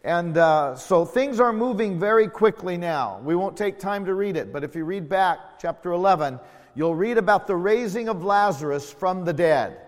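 A man preaching a sermon as pastor, telling the story in a folksy way with small jokes and building to loud, emphatic calls. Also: high voice, animated, moderate pace, in a large hall.

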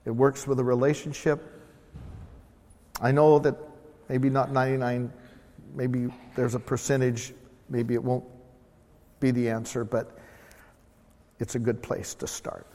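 A man's voice: medium pitch, little pitch movement, a little slow, pauses often, a little mellow. A male pastor delivering a sermon, driving his points home by repeating short phrases. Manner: emphatic, repeats key phrases. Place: church sanctuary. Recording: long reverb of a church hall.

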